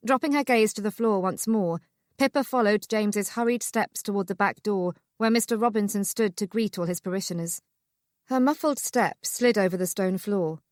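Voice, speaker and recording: A woman reads a historical romance audiobook in a measured, steady voice of middling pitch. The sound is close and dry, with no room around it. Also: dry recording. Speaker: audiobook narrator. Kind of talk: scripted audiobook narration.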